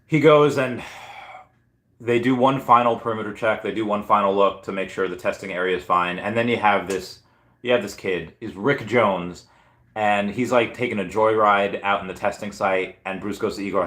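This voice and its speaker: Hoarse rambling man in a roomy echo. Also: on the low side, fairly even intonation, normal speed, fairly bright tone. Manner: rambling, filler-heavy storytelling. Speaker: comic and collectibles YouTuber. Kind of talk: casual live stream chat.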